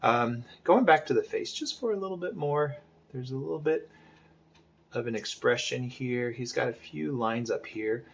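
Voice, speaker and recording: Male art instructor, casual tutorial talk-through, gravelly and a bit husky, hesitant and thinking aloud, with muttered asides. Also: medium pitch, animated, normal speed.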